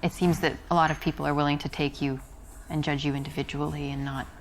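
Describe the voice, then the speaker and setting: A woman's voice: low-pitched, little pitch movement, fast talker, slight background noise. An actress playing an unimpressed young woman, giving curt, dry replies in a video game. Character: young American woman in a coffee shop, unimpressed.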